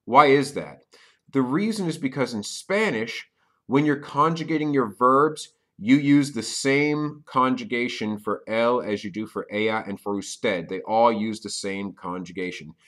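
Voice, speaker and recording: A man teaching a recorded Spanish lesson in a patient way, often checking in with "okay?" and stressing key words loudly. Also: measured pace. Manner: stresses key words with sudden loud, high emphasis.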